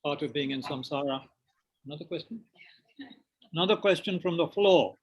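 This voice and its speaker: A man's voice: on the high side, moderate pace, husky, highs cut off. A man leading a meditation class and taking questions, hesitant, with many fillers and restarts. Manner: speaking with mouth full of biscuits. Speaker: meditation teacher. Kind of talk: teaching a dharma class with questions. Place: meditation centre.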